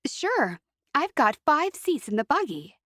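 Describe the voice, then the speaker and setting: A woman voicing an eager, bubbly young Amish woman who speaks in a bright, raised voice. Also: high-pitched, sing-song, a little slow, no room sound, studio quality, pitched above the performer's own voice, heavily acted.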